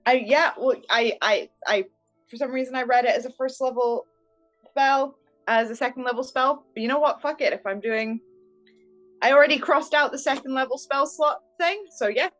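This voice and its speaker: A woman's voice: high-pitched, normal speed, a bit bright, soft background music, poor audio. A woman playing a tabletop game who talks casually and hesitantly. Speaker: player.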